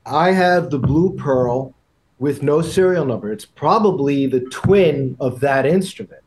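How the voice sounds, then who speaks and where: A man, a guest on a podcast, telling insider anecdotes in a measured, unhurried way with small hesitations. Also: fairly high pitch, expressive, darkish tone. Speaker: podcast guest, guitar industry veteran. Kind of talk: casual interview chat.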